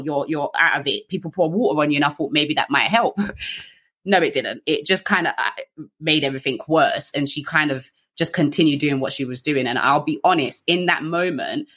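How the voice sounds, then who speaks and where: A woman's voice: low-pitched, slightly rough. Guest: young woman, candid storyteller, chatty, lots of fillers, wry about herself. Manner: chatty, frequent fillers, animated quoting, laughs at herself.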